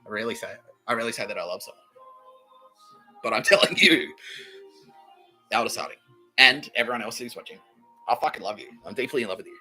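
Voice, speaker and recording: A man's voice: mid-range voice, animated, fast, pauses often, bright, forceful tone, slightly rough, soft background music, low-quality recording. A man with an Australian accent hosting a solo comedy podcast, rambling in a profane, boastful way and laughing at his own jokes. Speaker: podcast host.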